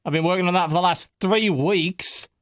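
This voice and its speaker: A man's voice: high-pitched, normal speed, fairly bright tone, no room sound, clean studio sound. A man hosting a podcast with a strained voice, talking in a blunt, sardonic way and swearing freely. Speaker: podcast host. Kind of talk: casual podcast chat.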